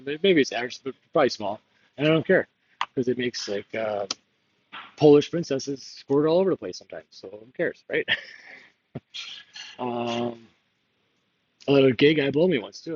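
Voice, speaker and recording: A man's voice: medium pitch, muffled recording. A man talking candidly in a rambling confessional monologue, laughing often and drifting between topics. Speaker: political candidate.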